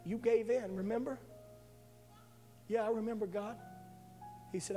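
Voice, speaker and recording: A man preaching a sermon, telling an emotional testimony that swells to loud passionate peaks. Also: high-pitched, steady tone, measured pace. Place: church sanctuary. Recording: live hall with reverb and faint music.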